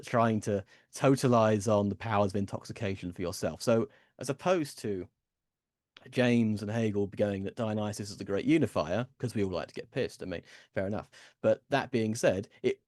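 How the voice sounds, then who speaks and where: A man's voice: lowish voice, a little mellow, no echo, clean studio sound. A man giving a casual, rambling seminar lecture, with frequent ums and restarts.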